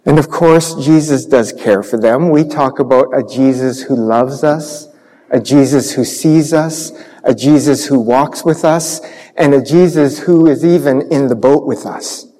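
A pastor telling a Bible story to children in church, animated, acting out sound effects. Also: male voice, medium pitch, unhurried. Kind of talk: children's sermon. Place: church sanctuary. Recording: long church reverb.

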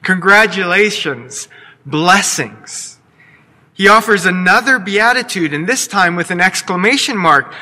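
A man's voice: high-pitched, lively intonation, unhurried, pushed and bright. A man pastor preaching a sermon, telling the story expressively and voicing quotes with playful asides. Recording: long hall reverb.

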